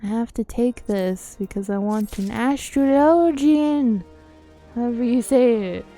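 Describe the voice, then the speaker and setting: A woman chatting playfully while she streams a game, joking and laughing at her own voices, over soft music. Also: on the high side, unhurried. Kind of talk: casual live-stream commentary. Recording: faint game music behind.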